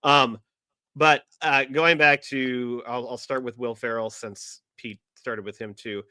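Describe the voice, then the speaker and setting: A man's voice: mid-range voice, fairly even intonation, slow, pushed and bright, clear, resonant tone, no echo. A man co-hosting a podcast, chatting casually about a film and laughing as he quotes lines. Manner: laughs while quoting lines. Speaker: podcast co-host. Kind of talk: casual chat.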